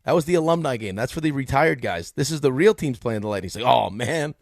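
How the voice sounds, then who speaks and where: A man's voice: medium pitch, lively intonation, fast talker, gravelly, no echo, clean studio sound. A middle-aged man co-hosting a sports radio show, telling stories and laughing between lines. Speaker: co-host. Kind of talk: casual sports radio chat.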